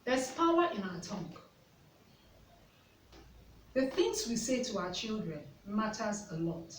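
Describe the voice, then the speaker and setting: A woman's voice: mid-range voice, very animated, unhurried, slight background noise. A woman, a mother and part-time teacher, telling stories to camera in an earnest way and asking the viewer repeated questions. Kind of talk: reflective storytelling to camera. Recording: roomy, distant mic with faint ambience.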